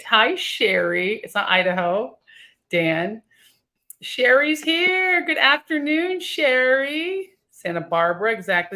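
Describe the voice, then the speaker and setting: A woman's voice: on the low side, fairly bright tone. A woman in her thirties hosting a casual livestream from her home office, chatting with viewers and reading out their comments. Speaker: livestream host. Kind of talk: casual live-stream chat with viewers. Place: home office with high ceilings and skylights.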